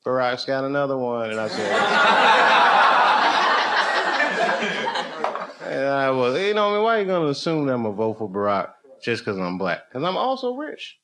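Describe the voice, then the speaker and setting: Middle-aged guy doing standup, voice jumps all over, sits a bit high, loud crowd noise behind. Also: measured pace, pauses often. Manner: animated storytelling, swinging between low muttering and loud punchlines. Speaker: stand-up comedian. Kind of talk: stand-up comedy storytelling. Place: live comedy venue with an audience. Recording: live show with crowd noise. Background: audience laughter.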